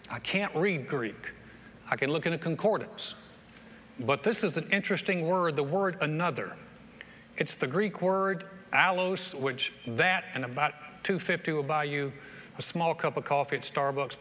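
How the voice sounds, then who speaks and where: A man's voice: fairly high pitch, bright, forceful tone. A man preaching a sermon to a congregation, telling stories with folksy humor and often repeating words as he goes. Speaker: pastor. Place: church sanctuary with live audience. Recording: reverberant hall with faint ambience.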